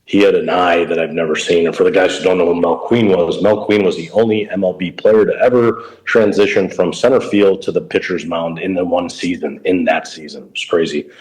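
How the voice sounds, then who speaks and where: A man's voice: low-pitched, fairly even intonation, a little fast, few pauses, darkish tone, low-quality recording. A middle-aged man, a professional baseball coach, talking casually in an interview and telling coaching stories in a plain-spoken way. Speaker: pro baseball coach, guest.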